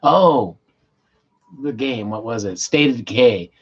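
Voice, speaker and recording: A man hosting a casual livestream, high and rambling, swearing freely and losing his train of thought as he reads chat aloud. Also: expressive, slow, breathy edge, dull audio. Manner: loose, meandering, self-interrupting, stoned and swearing. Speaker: livestream host.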